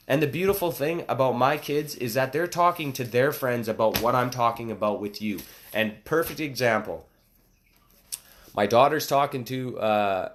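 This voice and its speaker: Man, thirties, casual motivational speaker, bursts of emphatic excitement, mid-range voice. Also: mid-range voice.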